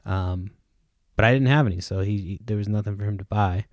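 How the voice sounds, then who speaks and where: A man's voice: lowish voice, brisk, dry recording, clean studio sound. A man hosting a solo podcast, rambling casually with lots of fillers and swearing. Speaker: podcast host.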